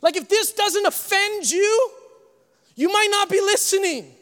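A man preaching a sermon as pastor, animated, swinging between hushed tones and shouting, with joking asides to the congregation. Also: very high-pitched, unhurried. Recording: long hall reverb.

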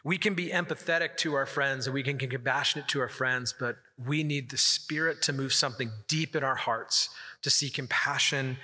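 Long hall reverb surrounds this pastor's mid-range voice, which is sharp and slightly rough. He preaches earnestly and conversationally, weaving stories into his sermon from the pulpit.

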